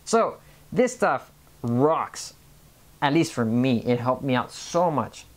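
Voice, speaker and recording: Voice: medium pitch, lively intonation, slow. A vlogger of Mexican background talking in a casual monologue, rambling, stopping and restarting, and repeating words. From Mexican family background. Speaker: health vlogger.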